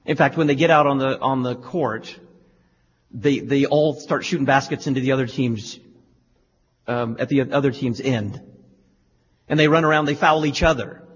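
Husky male radio host. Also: mid-range voice, normal speed, pauses often. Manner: pointed, critical, lecturing. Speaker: radio talk show host. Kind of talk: religious talk radio commentary. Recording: lo-fi studio with reverb.

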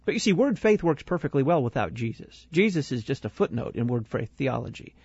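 A male host giving measured, critical commentary on a sermon. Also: mid-range voice, very animated, creaky, a little mellow, slightly rough, no echo, lo-fi sound. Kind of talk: analytical commentary.

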